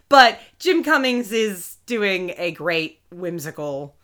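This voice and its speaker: A woman co-hosting a casual podcast, chatting animatedly and slipping into silly voices. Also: mid-range voice. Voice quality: animated, quick to slip into silly put-on voices. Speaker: podcast co-host. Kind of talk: casual chat.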